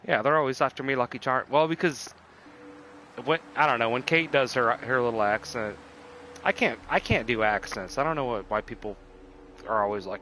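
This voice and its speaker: A man's voice: mid-range voice, normal speed, sharp tone, a little hiss or hum. Rambling, profane male game streamer. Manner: rambling, profane, self-interrupting. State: tipsy from drinking. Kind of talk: casual gameplay commentary.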